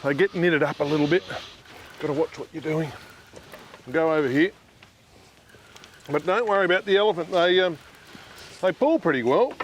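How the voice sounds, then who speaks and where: Aussie bloke hosting a fishing show on a boat, jokey and chatty, bit of engine and water noise behind. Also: male voice, a little high, normal speed, pauses often. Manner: chatty and jokey, lots of fillers. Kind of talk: casual fishing show banter.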